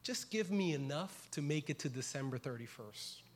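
A male pastor with a fairly high voice delivers a sermon. He works through the text, dropping low and soft, then climbing into loud, pressing questions to the congregation. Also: animated, normal speed. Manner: impassioned, swings from quiet to loud.

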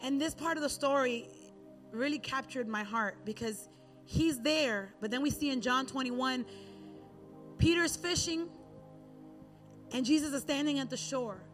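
A woman preaching a sermon, retelling a Bible story in a relaxed, conversational way. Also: high-pitched, unhurried, pauses often, soft background music.

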